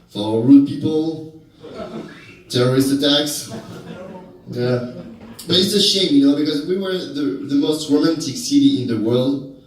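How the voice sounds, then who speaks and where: A man from France with a French accent performing a stand-up comedy set in a deadpan, halting way with many fillers. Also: medium pitch. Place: comedy club stage. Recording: echoey club, distant mic, crowd laughter.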